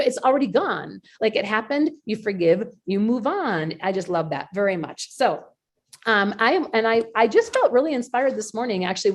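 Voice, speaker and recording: A woman hosting a podcast, telling a personal story in a chatty, animated way, acting out her own past reactions. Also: medium pitch. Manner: chatty, with frequent fillers and laughs. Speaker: podcast host. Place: community call or podcast recording.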